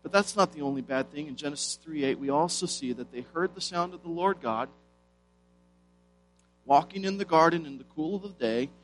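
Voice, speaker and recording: Male preacher, slightly high pitch, emphatic and questioning delivery, faint guitar underneath. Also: a bit bright, poor audio. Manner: emphatic, rhetorical questions, slows for stress. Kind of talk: sermon.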